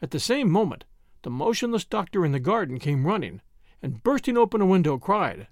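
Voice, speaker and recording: A man narrating a classic mystery story as an audiobook reader, expressive and lively. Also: high voice, fairly quick, no room sound, studio quality.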